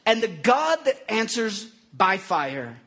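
A man's voice: sits high, very animated, slow pace, pushed and bright, exaggerated voice. A man voicing a cocky male prophet who mocks and taunts his rivals. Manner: mocking, taunting.

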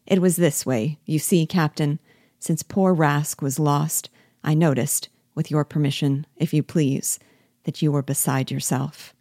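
A woman's voice: deep voice, steady tone, unhurried, warm tone, dry recording, studio quality. A woman voicing a loyal, sentimental old male army sergeant who speaks humbly and rambles. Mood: earnest, humble.

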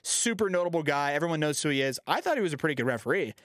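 A man hosting a casual podcast chat, ranting with lots of profanity and lively swings. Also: on the high side, rapid-fire, no echo, clean studio sound. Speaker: podcast host.

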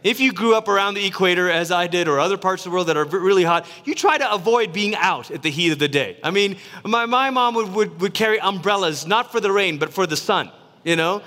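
A man from Malaysia preaching a sermon in a lively, conversational way, acting out quotes as he goes. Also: high voice, a little fast, in a large hall. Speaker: pastor.

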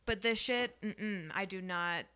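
An American woman talks loosely on a podcast, blunt and quick to swear. Her voice is bright and clear. She keeps a relaxed chat tone. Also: medium pitch. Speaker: podcast co-host. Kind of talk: casual chat.

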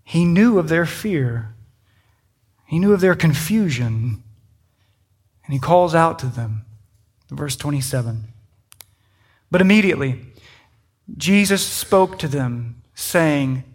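A man with a high, light voice delivers a sermon from the pulpit. He reads scripture slowly and deliberately, then drops into loose, conversational asides. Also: lively intonation, a little mellow, breathy edge. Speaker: pastor.

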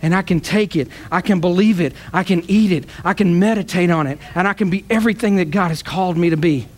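A man preaching a sermon with passion, climbing to shouts and then dropping soft, tearful at times. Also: sits high, quick pace.

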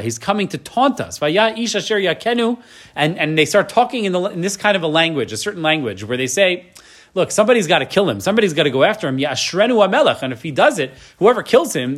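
A man teaching a Bible class, reading verses in Hebrew and explaining them in English. He talks in an animated way and often checks in with the class by asking "right?". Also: sits high. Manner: frequent tag question "right?". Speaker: Torah teacher.

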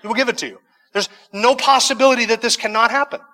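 A man's voice: very high voice, fairly even intonation, fast talker, sharp tone, long reverb tail. A man preaching a sermon, reading scripture verses and then explaining them in conversational asides with some humor. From United States. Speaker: pastor.

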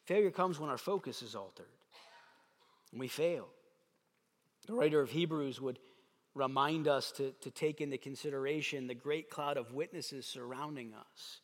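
A man's voice: mid-range voice, normal speed. A man preaching a sermon as pastor, reading scripture aloud with emphatic delivery. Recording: long hall reverb.

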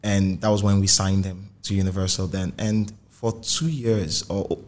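A man hosting a music podcast, asking short probing follow-up questions in a relaxed interview. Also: low-pitched, normal speed. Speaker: podcast host, music journalist. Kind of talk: conversational interview.

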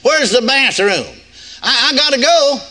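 A woman's voice: high voice, animated, a little slow, pushed and bright, pitched above the performer's own voice, exaggerated voice. A man preaching puts on the voice of a middle-aged woman with a childlike mind, pleading in a whiny, childish way.

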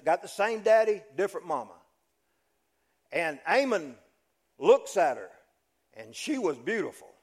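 A pastor tells his sermon as a dramatic story, pitched higher than most men. He speaks unhurriedly, swinging between loud passages and hushed ones.

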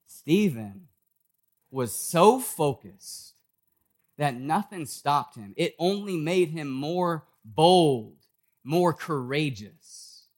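Male pastor, casual preaching, lively pitch, slow unhurried delivery. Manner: conversational preaching, acts out quoted voices. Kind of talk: sermon. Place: church.

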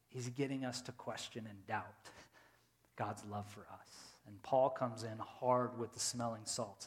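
Impassioned preacher in a reverberant church. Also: male voice, medium pitch, measured pace. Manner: swings from hushed, intimate storytelling to loud, impassioned preaching; repetitive, rhetorical emphasis. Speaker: pastor. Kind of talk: sermon. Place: church sanctuary. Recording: long reverb of a large church hall.

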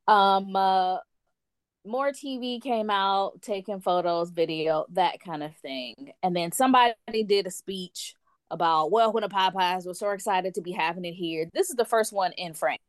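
A woman in a casual chat, telling a story in an animated way and acting out what other people said. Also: lowish voice, normal speed, no echo. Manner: animated, acts out quotes of others. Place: lives in France.

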